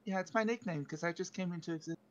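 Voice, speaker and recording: A man's voice: high voice, racing, highs cut off. A man playing a tabletop role-playing game, speaking in character as a newly made ghost. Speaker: player.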